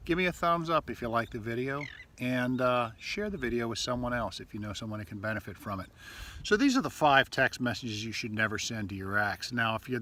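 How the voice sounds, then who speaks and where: A relationship coach records a casual advice video to camera, his medium-pitched voice pushed and bright. He talks loosely, full of fillers, and acts out sample texts as examples.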